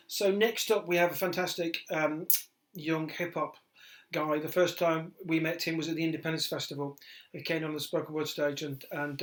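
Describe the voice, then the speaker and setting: A man's voice: fairly high pitch, a bit bright. A man co-hosting a live online show in a casual way, enthusiastic and full of superlatives. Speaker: co-host.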